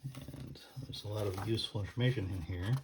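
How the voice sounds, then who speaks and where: A man's voice: lowish voice, brisk, a little mellow, slight background noise. A man explaining church music casually, thinking aloud with many ums and restarts as he pages through a book.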